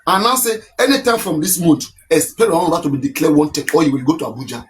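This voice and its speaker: A man's voice: fairly high pitch, sing-song, rapid-fire, soft background music. A Nigerian-accented man runs a live stream, his voice sitting a little above the usual male register. He talks things through at length, circling back and repeating his point with insistence. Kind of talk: casual live-stream talk.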